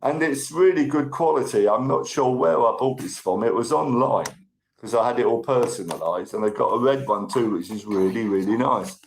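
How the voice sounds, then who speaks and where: Gravelly-voiced man chatting on a livestream. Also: medium pitch, moderate pace, a little hiss or hum, rough recording. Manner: chatty, thanks viewers warmly by name. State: tickly cough. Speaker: livestream host. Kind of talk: casual live chat reading viewer comments.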